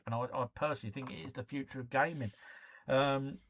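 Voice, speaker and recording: A man's voice: medium pitch, fairly even intonation, brisk, fairly bright tone, highs cut off. A man hosting a casual live stream, chatting to viewers, reading out quiz scores and breaking into bits of song.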